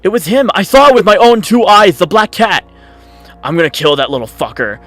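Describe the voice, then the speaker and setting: A man voicing a furious, blustering man who shouts insults and curses in a visual novel game, over faint game music. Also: high voice, expressive, brisk, no echo, pitched above the performer's own voice. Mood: enraged. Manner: loud, cursing, bullying.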